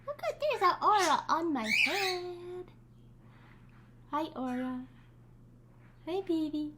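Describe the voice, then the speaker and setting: Woman, high voice, slow and unhurried, coos at pet birds in a sing-song way. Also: big pitch swings, background noise. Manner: cooing, sing-song baby talk to birds. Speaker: pet bird owner vlogger. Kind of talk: casual talk to pet birds. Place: home room with pet parrots. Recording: loud parrot squawks over voice. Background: screeching parrots.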